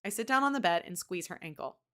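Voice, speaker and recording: Woman, live-stream book reader, chatty, talks back to the chat, reads aloud, medium pitch. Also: animated, fast talker, a bit bright.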